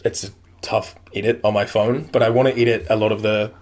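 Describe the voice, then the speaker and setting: A man's voice: fairly low pitch, fairly even intonation, brisk, darkish tone. A man streaming a video game, chatting casually and reading in-game notes aloud, rambling with plenty of "like" and "um" fillers. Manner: rambling, heavy use of "like" and "um".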